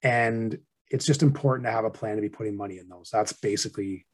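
A middle-aged man, a financial advisor, talking through money habits in a casual podcast interview with a fairly monotone, plain-spoken delivery. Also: lowish voice, fast talker.

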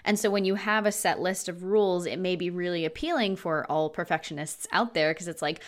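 A woman's voice: fairly low pitch, fairly quick. A woman co-hosting a casual podcast, explaining her thoughts at length with lots of "like" and "right?". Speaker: podcast co-host.

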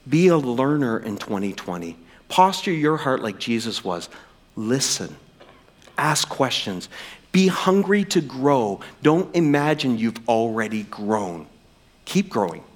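Animated, lively male preacher. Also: on the high side. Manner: animated, humorous, direct address. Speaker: pastor. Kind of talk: sermon.

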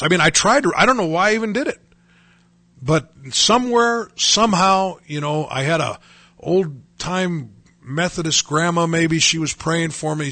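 A man's voice: on the high side, vocal fry, bright, forceful tone, husky, no echo. A man in his sixties sharing a personal faith testimony in a rambling way, with many restarts, speaking straight to his listeners.

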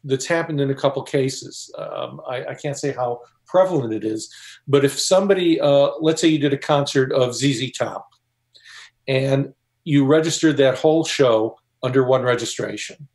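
A man speaking as a co-author on a panel, patiently explaining a process and telling an anecdote. His voice sits at an average pitch with a conversational delivery. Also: normal speed, a little mellow. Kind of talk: panel discussion.

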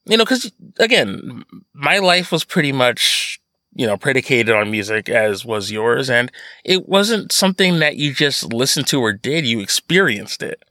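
Bright lively guy on a podcast, cursing a lot, dry close sound. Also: medium pitch, measured pace, no echo. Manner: animated, swearing, laughing often. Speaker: podcast co-host. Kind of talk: casual chat.

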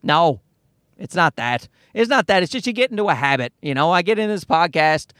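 A man's voice: on the high side, big pitch swings, brisk, fairly bright tone, dry recording, clean studio sound. A man hosting a comedy podcast, ranting in a worked-up way and swearing freely. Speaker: podcast host.

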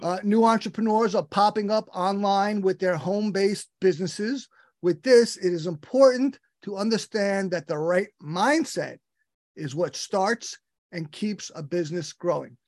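A man's voice: high-pitched, measured pace, no echo, clean studio sound. Enthusiastic rambling male podcast host. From United States. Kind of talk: interview introduction.

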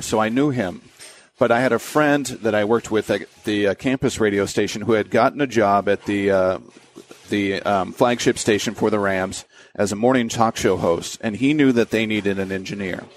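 A young adult man, a sports broadcaster and voiceover announcer, talks through his career in a relaxed way, with many fillers and restarts. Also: lowish voice, slight background noise. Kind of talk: conversational interview.

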